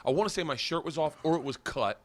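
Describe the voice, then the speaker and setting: A man hosting a podcast, telling a wild story in a casual chat, laughing often and shouting the quoted lines. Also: a little high, animated, quick pace. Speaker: podcast host.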